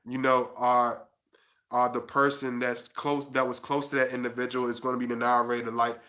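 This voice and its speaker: Male stream host, bright tense tone, level monotone delivery, halting casual chat, hushed readings. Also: medium pitch. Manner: halting, with many restarts while chatting; slow and hushed when reading his prose. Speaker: author and channel host.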